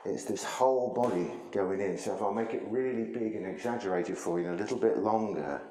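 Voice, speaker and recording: A man's voice: fairly low pitch, fairly quick, warm tone, reverberant, slight background noise, rough recording. A man teaching a martial arts lesson, explaining things conversationally while he demonstrates moves.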